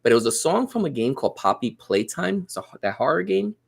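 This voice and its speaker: A man's voice: fairly high pitch, fast, vocal fry, husky. A man telling a family story in casual podcast chat, acting out the quotes. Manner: animated storyteller, acts out quotes. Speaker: guest.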